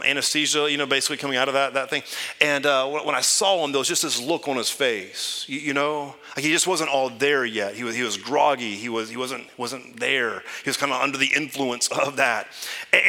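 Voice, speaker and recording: A man preaching a sermon as pastor, conversational and earnest, shifting between loud emphasis and hushed, near-whispered lines. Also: medium pitch, a little fast, long reverb tail. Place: church sanctuary.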